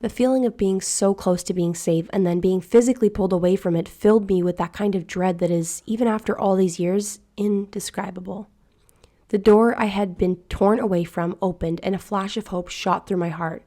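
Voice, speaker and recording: Woman narrator for a horror story read-aloud; hushed, measured, mellow tone. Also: mid-range voice, fairly even intonation.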